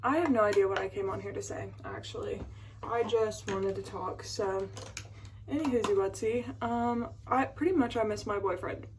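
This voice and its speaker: A woman's voice: medium pitch, normal speed, noisy background. A woman in her twenties chatting casually to a phone camera at home, rambling with lots of fillers and emotion. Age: 20s. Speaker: vlogger. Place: at home, indoors.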